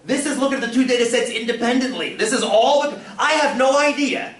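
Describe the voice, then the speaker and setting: A man teaching a statistics class, animated and full of questions for his students. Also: very high voice, fairly quick. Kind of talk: classroom lecture. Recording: roomy, from far off, faint room noise.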